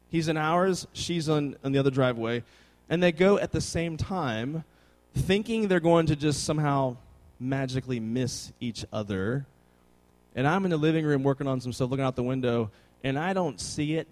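A man, preaching a sermon as a youth pastor with animated, conversational storytelling. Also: on the high side.

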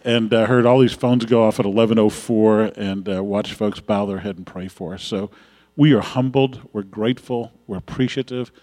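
A man's voice: fairly low pitch, fairly even intonation, moderate pace, in a large hall. A man serving as pastor, giving church announcements and praying before a congregation, talking in a folksy way with frequent fillers. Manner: folksy, warm-hearted chatter with frequent uh fillers.

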